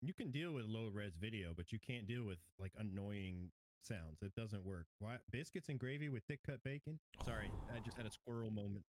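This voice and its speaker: Quick, animated man from New York. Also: fairly low pitch, no room sound, rough recording. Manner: quick, animated, laughs easily. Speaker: guest streamer. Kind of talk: casual chat.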